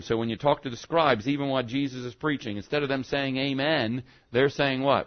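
A man's voice: steady tone, a little fast, few pauses. Preacher man with a dull lo-fi sound. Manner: rhetorical questions, voices quotes in dropped low tones. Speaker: pastor. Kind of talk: sermon.

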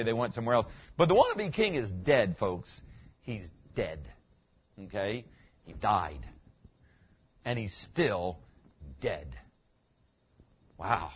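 A man's voice: medium pitch, husky. Man preaching on a dull lo-fi recording. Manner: conversational preaching with audience questions. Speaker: pastor. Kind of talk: sermon.

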